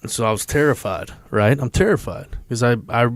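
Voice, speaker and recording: A man's voice: mid-range voice, a little fast, dry recording, studio quality. Candid American man telling a war story. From United States. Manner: candid, profane, emotional storytelling. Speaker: podcast guest. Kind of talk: personal storytelling.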